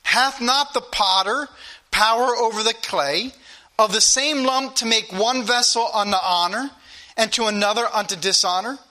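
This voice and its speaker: Man, preacher, high-pitched, bright forceful tone, emphatic sermon delivery, repeats phrases. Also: moderate pace. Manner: emphatic, repetitive, addresses the congregation directly.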